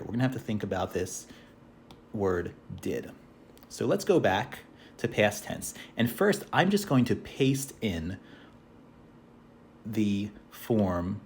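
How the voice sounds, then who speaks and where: Low-voiced man teaching English slowly. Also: darkish tone, a little hiss or hum. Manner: slow, clear model sentences for learners to repeat. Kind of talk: class review lesson.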